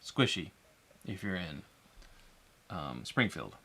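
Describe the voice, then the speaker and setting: A man co-hosting a live whiskey tasting, joking and talking in an animated way. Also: sits low. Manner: animated, playful, quick to joke. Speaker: co-host of a whiskey tasting livestream. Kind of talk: casual chat.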